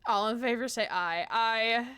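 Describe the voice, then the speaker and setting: A woman streaming a puzzle game, chatting casually, gushing excitedly and swearing now and then. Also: a little high, unhurried, clear, resonant tone. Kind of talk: live-streamed gameplay chat.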